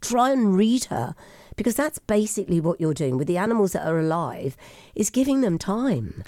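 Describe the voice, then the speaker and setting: A woman hosting a chat, talking in a rambling, halting way and getting emotional. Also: mid-range voice, big pitch swings, dark tone, dry recording, clean studio sound. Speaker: host. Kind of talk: casual chat.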